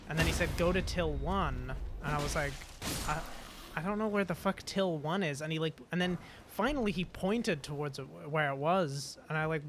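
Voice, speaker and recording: Young British male streamer, slightly high voice, halting sweary storyteller, noisy background. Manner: halting, swears a lot, many fillers and restarts. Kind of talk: rambling casual storytelling. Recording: steady background noise.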